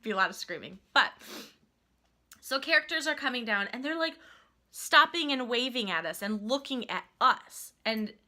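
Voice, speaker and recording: A woman vlogger casually telling a family trip story, gushing and animated, saying "like" constantly. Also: a little high, normal speed. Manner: animated and gushing, heavy use of "like".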